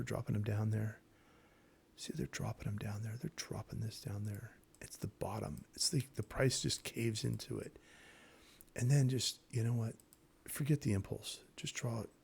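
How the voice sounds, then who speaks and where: A man teaching day trading over his charts in a casual, excitable way, repeating himself and talking straight to viewers. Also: fairly low pitch, gravelly, slightly rough. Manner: excitable, repetitive, talks to viewers directly. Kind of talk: casual screen-share trading lesson.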